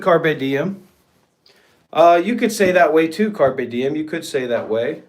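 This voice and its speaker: A man hosting a meditation livestream, ranting in a profane, scornful way, with drawn-out pauses. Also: a little high. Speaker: meditation channel host. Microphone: livestream setup. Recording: echoey room.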